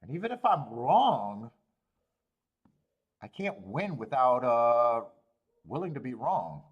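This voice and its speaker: A man hosting a horse racing betting livestream, chatting casually in an animated way, swearing, laughing and rambling with restarts. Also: medium pitch, slow, slightly rough, lo-fi sound.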